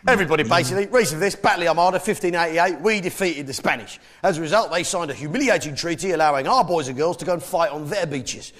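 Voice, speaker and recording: A man's voice: a little high, fast talker, few pauses. An English man doing a stand-up set, brash and mocking as he banters with the audience. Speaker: stand-up comedian. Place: comedy venue on stage. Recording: live show with loud audience laughter.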